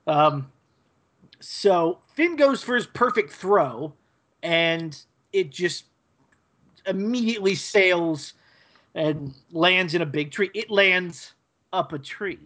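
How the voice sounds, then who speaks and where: A man co-hosting a podcast, giving a rambling, hesitant episode recap full of fillers and pauses. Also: sits high, expressive, fairly bright tone. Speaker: podcast co-host.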